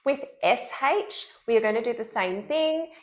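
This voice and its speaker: A woman speech pathologist giving an instructional lesson, clearly and deliberately modeling speech sounds. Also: a little high, animated.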